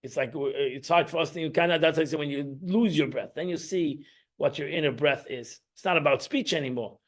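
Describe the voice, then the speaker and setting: A man's voice: fairly high pitch, fairly quick. A man, teaching an informal Torah class in a rambling, emphatic way, restarting and repeating himself.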